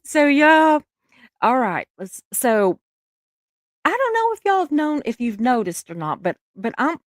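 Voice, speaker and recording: A middle-aged woman with a Southern US accent, hosting a casual livestream chat. She talks warmly to her viewers and laughs often. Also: sits high, very animated, dry recording, studio quality. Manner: chatty, laughs often, drawn-out words. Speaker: livestream host.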